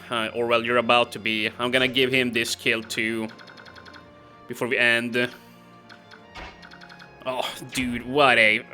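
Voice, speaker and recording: A man giving casual let's-play commentary, chatty and talking to himself as he plays. His voice is bright and forceful. Faint game music runs in the background. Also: mid-range voice. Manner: casual, exasperated, talks to himself. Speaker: gaming video host.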